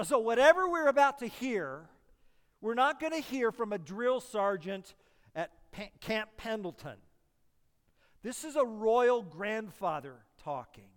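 A male pastor preaching a sermon to his congregation. He talks emphatically, repeats his key phrases, and swings between hushed and loud delivery. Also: high-pitched. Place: church sanctuary. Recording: long reverb of a large hall.

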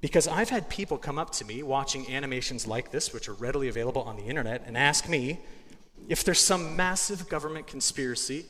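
A man's voice: medium pitch, animated, fast talker, bright, forceful tone. A man in his forties gives a sermon in a conversational, joking way, often restarting his sentences. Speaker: guest speaker, meteorologist. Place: church sanctuary. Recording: long hall reverb, faint ambient noise.

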